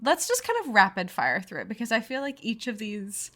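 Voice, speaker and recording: A woman's voice: on the high side, sing-song, a little fast, fairly bright tone. A woman co-hosting a podcast in casual chat, blunt and playful, swearing freely and giggling. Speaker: podcast co-host.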